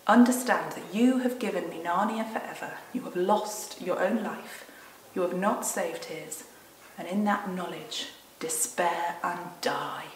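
A woman voicing a cold, cruel witch who gloats over her victim, speaking slowly and low and sinking to a whisper. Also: slight background noise, lightly acted. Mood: gloating, menacing. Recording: roomy echo from a distant mic.

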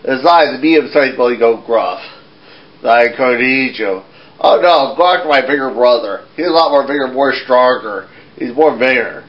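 A man voicing a medium-sized billy goat who pleads slowly in a puppet show. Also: mid-range voice, dull audio, natural voice. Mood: pleading.

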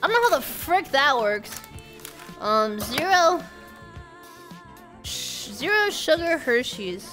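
High, lively young woman streamer. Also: slow pace, long pauses, soft background music. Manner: excitable, jokey, talks to chat. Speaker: streamer host. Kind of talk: casual live-stream chat.

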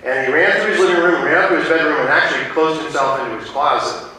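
A male pastor delivers a sermon fast, his fairly high voice bright and forceful, rambling through stories full of fillers and restarts. The distant mic in the echoey sanctuary also catches a little hiss or hum.

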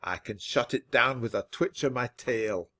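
A man voicing a bossy, boastful old male mouse who founded a newspaper, talking loud and blustering. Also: medium pitch, normal speed, natural voice. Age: older.

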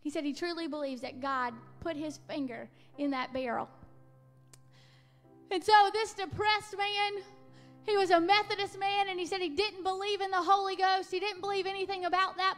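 High, bright-voiced woman preaching revival. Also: fairly even intonation, moderate pace. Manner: impassioned, rising to shouted peaks when quoting. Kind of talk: revival sermon storytelling. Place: church sanctuary. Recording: reverberant church hall with faint music.

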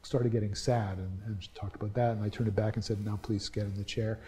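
Mellow-voiced man lecturing conversationally. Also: on the low side, steady tone, fast talker. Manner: conversational, anecdotal, frequent restarts. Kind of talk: university lecture.

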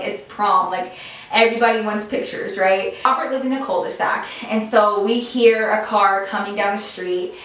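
A young woman telling a story in casual chat, animated and peppered with "like". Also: medium pitch, a little hiss or hum. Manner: chatty, animated, heavy use of "like". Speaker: beauty vlogger telling a story. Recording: echoey room, mic far off.

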